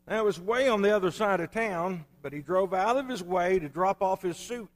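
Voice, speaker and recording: A man preaching a sermon, telling folksy stories in a relaxed, conversational way. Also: high-pitched, moderate pace. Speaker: pastor. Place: church sanctuary. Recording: long hall reverb.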